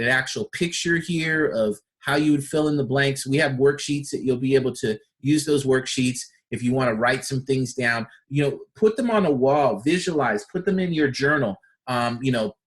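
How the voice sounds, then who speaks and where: Speaking at normal speed with few pauses, a man leads a personal development training session in his mid-range voice. He teaches enthusiastically, leaning on rhetorical questions and phrases he repeats.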